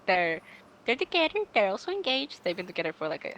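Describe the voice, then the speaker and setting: A woman's voice: medium pitch, fast talker, a little hiss or hum, low-quality recording. A young woman from Finland chatting casually on a podcast, acting out the people she quotes. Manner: animated, acts out quoted voices. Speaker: podcast guest. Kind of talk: casual chat.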